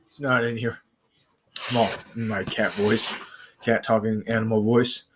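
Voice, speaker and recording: A man's voice: lowish voice, little pitch movement, measured pace, a bit bright, slight background noise. A young man from the US in a casual home vlog, chatting and rambling to viewers from his bedroom. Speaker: vlogger.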